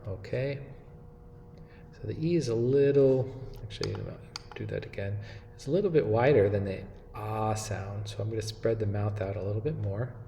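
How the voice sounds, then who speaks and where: A man teaching an animation software lesson, walking through each step in a relaxed way and often checking in with "okay?". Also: on the low side, normal speed, gravelly, roomy sound, big-room sound, a little hiss or hum. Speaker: animation instructor. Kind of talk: screen-recorded software tutorial.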